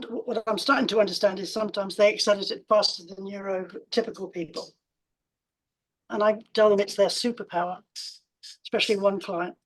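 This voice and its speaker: A woman mental health coach explaining her approach in a panel discussion, in a calm, measured way. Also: mid-range voice, low-quality recording.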